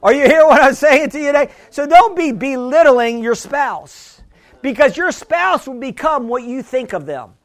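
High-voiced man preaching a sermon. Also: expressive, normal speed. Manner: conversational preaching with frequent restarts and call-and-response questions. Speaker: pastor.

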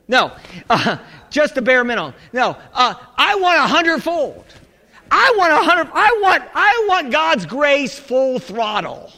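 A male pastor preaching a sermon in an animated, humorous way, calling out to his congregation. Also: very high-pitched. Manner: animated, humorous preaching with audience call-and-response. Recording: echoey hall.

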